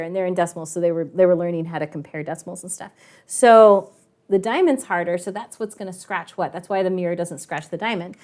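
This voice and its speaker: A woman teacher telling a lively story to her online class, chatty and animated, with frequent laughing asides, over a video call. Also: medium pitch. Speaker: math and science teacher.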